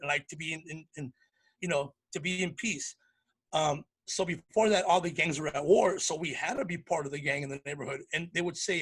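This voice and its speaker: A male comedian with a high, husky voice tells stories in a relaxed interview. He is animated and lively, jumping into the voices of the people in his stories. His talk is loose and conversational. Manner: animated, acts out voices in anecdotes. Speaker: comedian guest. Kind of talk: casual storytelling interview.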